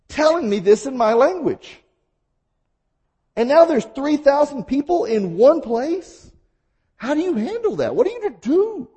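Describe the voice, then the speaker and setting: A male pastor delivering a sermon, his voice sitting high and swinging widely in pitch. There is a husky edge to it as he presses his points with emphatic rhetorical questions. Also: mellow.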